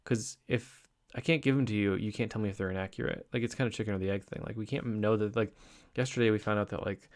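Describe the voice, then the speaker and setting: A man's voice: fairly low pitch, quick pace. A young adult man talking through a casual daily vlog, rambling upbeat with many restarts and fillers. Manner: upbeat, excited. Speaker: vlogger.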